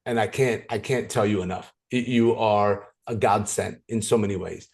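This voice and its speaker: A man leading a motivational business training on a video call, talking with playful, energetic storytelling and frequent restarts. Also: on the low side, normal speed, vocal fry.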